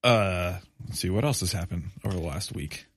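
A man's voice: low-pitched, normal speed, slightly rough, no echo. A man chatting casually as a podcast co-host, laid-back and teasing. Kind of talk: casual chat.

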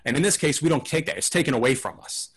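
A man's voice: fairly high pitch, fast talker, a bit bright, slightly rough. Man musing through a film discussion. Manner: thoughtful, rambling, hedging; acts out mock quotes in silly voices. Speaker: film podcast co-host.

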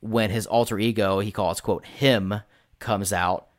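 A man with a fairly low voice, chatting casually as a podcast guest about the games he runs. He tells rambling stories packed with fillers and the odd swear word. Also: steady tone, a little slow, no echo, studio quality. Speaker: game master and podcast guest. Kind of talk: casual interview chat.

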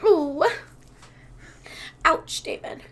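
A woman in her thirties chatting casually as a podcast co-host, telling animated stories, laughing often and swearing freely. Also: extremely slow. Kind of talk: casual chat.

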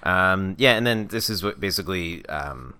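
Lively low-voiced man, bright tone. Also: moderate pace, clear, resonant tone. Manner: animated, retells scenes with put-on voices. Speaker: podcast co-host. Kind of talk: casual movie review chat.

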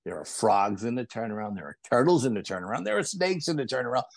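Middle-aged New man, a husky guest storyteller who hammers his points through repetition. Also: medium pitch, fast talker, dry recording. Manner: animated storyteller, repeats phrases for emphasis. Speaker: podcast guest. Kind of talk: storytelling in casual conversation.

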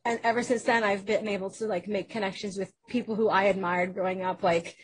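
A woman, an actress and podcast guest, talking in a casual interview, hyper and energetic, acting out what people said to her as she tells her stories. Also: mid-range voice, brisk, a little hiss or hum, rough recording. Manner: animated storyteller who acts out quoted dialogue.

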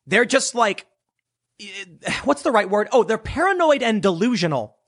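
A man's voice: sits high, very animated, moderate pace, a bit bright. A man delivering an opinionated commentary monologue, sarcastic and mocking, slipping into impressions of others. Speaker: political commentator.

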